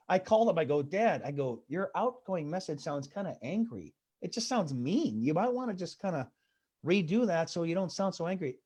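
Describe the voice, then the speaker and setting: A man's voice: high voice, darkish tone. A male stand-up comedian tells rambling stories over a video call. He keeps insisting "I swear to God" and tumbles from one anecdote to the next.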